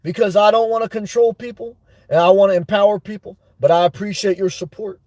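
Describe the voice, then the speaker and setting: A middle-aged man runs a casual livestream, answering chat and laughing often. His voice sits fairly high for a man. The sound is dry and close to the mic. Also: fairly even intonation, brisk, darkish tone, no echo. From New York. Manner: chatty, laughs often, reads comments aloud. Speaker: livestream host. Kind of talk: live chat shout-outs.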